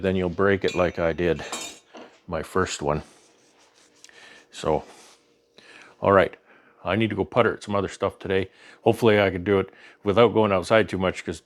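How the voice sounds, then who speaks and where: A man's voice: deep voice, dry recording. A man with a Canadian accent hosting a beekeeping vlog, talking in an easygoing, rambling way with lots of fillers and restarts. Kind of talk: casual show-and-tell narration.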